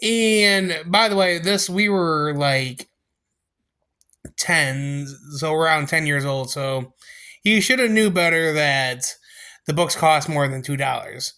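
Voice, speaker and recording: A young man tells a story to his viewers in a casual, rambling way, restarting his sentences often. His voice sits high and has a bright, forceful edge. He sounds animated as he tells it. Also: slow pace, smooth. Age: young adult. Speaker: storytime vlogger.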